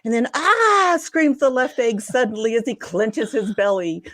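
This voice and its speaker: A woman's voice: fairly high pitch, moderate pace, no room sound. A woman co-hosting a casual show, upbeat and giggly as she tells jokes. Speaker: co-host.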